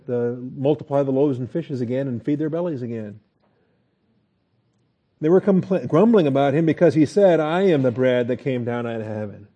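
A man teaching a Bible lesson as a pastor, relaxed and folksy, with frequent fillers and chuckles. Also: medium pitch, highs cut off.

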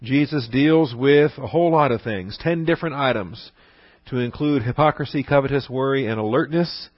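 A man's voice: mid-range voice, moderate pace, no room sound, dull audio. A man teaching a Bible class in an earnest, folksy way, with fillers and restarts.

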